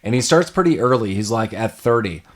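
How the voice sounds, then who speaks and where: A man hosting a casual podcast discussion of a film, animated and quick to laugh, often acting out lines from scenes. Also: lowish voice. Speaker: podcast host.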